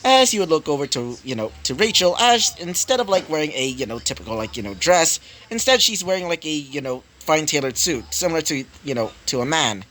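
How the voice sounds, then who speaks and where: A man's voice: fairly high pitch, big pitch swings, fairly quick, hardly any pauses, fairly bright tone. A man improvising a fan fiction story aloud, rambling with many fillers and self-corrections. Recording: noisy home recording.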